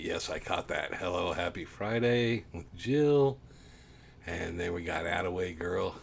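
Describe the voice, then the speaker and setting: A man hosting a casual livestream, reading viewer comments in a rambling, easygoing way, a bit low on energy from the heat. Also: lively intonation, unhurried, creaky, slight background noise. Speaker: livestream host.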